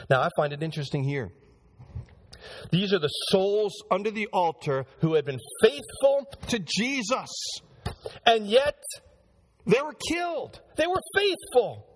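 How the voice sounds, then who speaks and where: A man's voice: high-pitched, very animated, moderate pace. A male pastor preaching a sermon in church, speaking straight to the congregation and acting out the voices he quotes.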